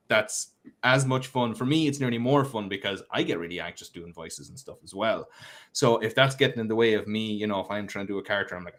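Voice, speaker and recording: Man, deep voice, casual podcast talk, reflective, rambling, self-deprecating. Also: a bit bright. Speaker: podcast co-host.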